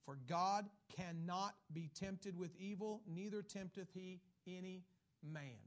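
This man's voice is high-pitched and his pace slow as he preaches emphatically. A pastor of Irish ancestry, he reads from scripture and imitates people's excuses.

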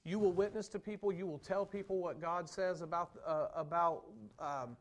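A man preaching a sermon, conversational at first and rising to loud, emphatic declarations. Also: sits high, fairly even intonation, normal speed. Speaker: pastor.

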